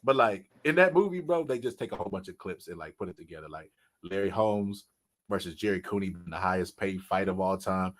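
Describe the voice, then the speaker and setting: Low-voiced man, slangy casual talk. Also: a little fast. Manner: loose slangy talk, says "bro" constantly; lively storyteller, acts out quotes. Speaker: podcast host. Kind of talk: casual chat.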